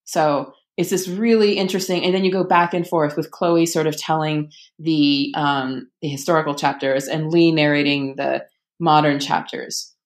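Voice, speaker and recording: Chatty, lowish-voiced woman author. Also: steady tone, moderate pace. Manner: chatty and enthusiastic, many ums and restarts. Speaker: author and podcast guest. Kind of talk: casual conversational interview.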